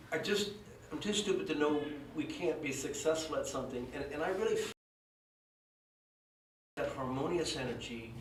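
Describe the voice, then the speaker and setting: A man's voice: a little high, a bit bright, slight background noise. A middle-aged man speaking at a memorial service, telling rambling, self-deprecating stories about a friend. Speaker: eulogy speaker. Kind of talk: storytelling tribute at a memorial service. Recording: echoey room, voice from a distance.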